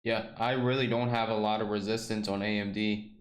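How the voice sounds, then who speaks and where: A man who is losing his voice from a sore throat, hosting a casual live stock trading stream and reading out price levels slowly. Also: fairly low pitch, level tone, reverberant. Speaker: stock trading livestream host. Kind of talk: casual live market commentary.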